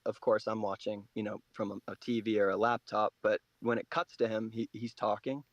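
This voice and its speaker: A man from the United States calling into a football phone-in, enthusiastic but halting, with many restarts. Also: lowish voice, flat delivery, dry recording. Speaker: caller. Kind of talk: casual football chat. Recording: dull dry call-in audio.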